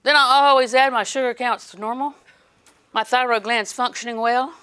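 A middle-aged woman preaching a sermon in an animated way, acting out little scenes and laughing. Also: on the high side, normal speed, clear, resonant tone.

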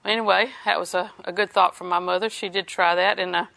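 A woman's voice: on the low side, steady tone, fast talker, vocal fry, pushed and bright. A woman preaching a sermon, reading scripture in a conversational way and laughing often.

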